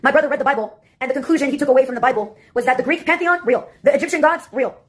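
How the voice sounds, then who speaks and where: A woman's voice: high voice, very fast. A woman delivering a rambling, sarcastic comic monologue that jumps from topic to topic.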